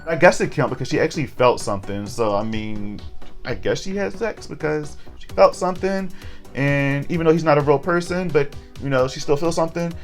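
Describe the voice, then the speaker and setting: A young adult man chatting candidly through a casual recap, with joking asides. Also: mid-range voice. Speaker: horror TV recap vlogger.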